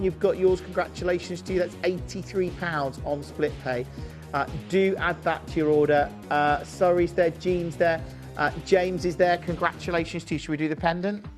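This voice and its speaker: A man presenting jewellery on a live shopping channel, chatty and upbeat, urging viewers to buy. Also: on the high side. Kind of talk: live jewellery sales pitch. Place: television studio.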